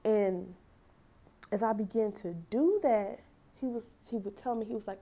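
Earnest young woman with a mellow voice. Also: mid-range voice, normal speed. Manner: earnest, emotional, self-correcting. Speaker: podcast host. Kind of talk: casual devotional talk.

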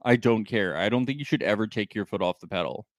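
A man's voice: lowish voice, fast talker, dry recording. A man co-hosting a casual sports podcast, blunt and mocking, swearing often. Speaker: podcast co-host.

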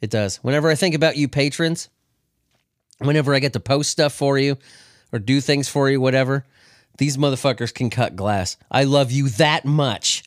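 A man's voice: mid-range voice, moderate pace, no echo, clean studio sound. A man hosting a podcast in casual, crude, joking chat, recovering from an illness and prone to coughing fits. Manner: lively, crude, joking, laughs a lot. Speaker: podcast host.

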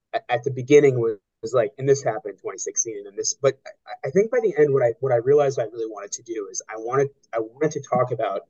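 A novelist in his thirties answering interview questions, talking in a halting way with frequent restarts and fillers. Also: mid-range voice, slightly rough, muffled recording. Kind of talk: conversational interview.

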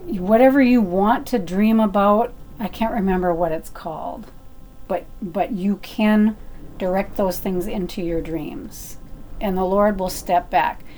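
A woman with a somewhat mellow, mid-range voice reads her prayer journal aloud, sharing personal spiritual revelations. She goes slowly and haltingly, with fillers and self-corrections.

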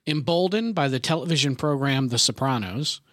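A woman's voice: a bass voice, expressive, fairly quick, no room sound, clean studio sound. A woman co-hosting a podcast, introducing segments and teasing her co-hosts in casual chat. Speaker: podcast co-host.

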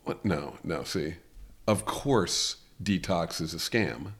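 A man's voice: sits low, animated, slow pace, fairly bright tone. A man from New York co-hosting a podcast, telling a story in a rambling, wry way with dry jokes. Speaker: podcast co-host. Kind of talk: casual podcast chat.

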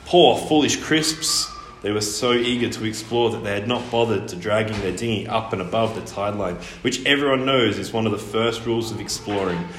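A man reading a children's storybook aloud, expressive and lively with his delivery. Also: on the low side, normal speed. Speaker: audiobook reader. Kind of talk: storybook narration. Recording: roomy echo, faint noise.

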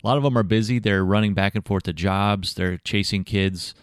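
A man hosting a podcast, speaking in a measured, encouraging way with a smooth voice. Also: lowish voice, steady tone, no room sound, clean studio sound. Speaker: podcast host. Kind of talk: interview hosting.

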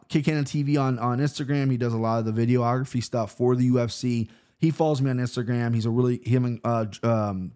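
An American man recounts a night out in a casual monologue. His delivery rambles and restarts, full of swearing and bursts of excitement. The pitch sits in the middle range for a man. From United States.

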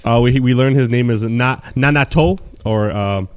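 A man's voice: medium pitch, normal speed, clear, resonant tone. A man co-hosting a casual anime podcast, rambling through an episode recap and swearing freely. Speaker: podcast co-host.

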